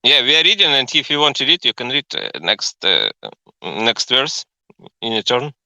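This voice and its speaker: A man's voice: medium pitch, big pitch swings, normal speed, pushed and bright, no room sound, low-quality recording. A man in an online book club casually explaining the group's rules, patient and restarting words as he goes. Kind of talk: casual chat. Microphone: online voice call.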